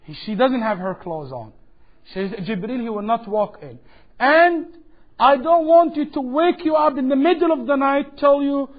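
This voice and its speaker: Lecturer, male, high voice, animated storyteller; dull lo-fi tape. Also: normal speed. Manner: animated, acts out quoted dialogue. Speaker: Islamic lecturer. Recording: dull lo-fi 2007 lecture recording.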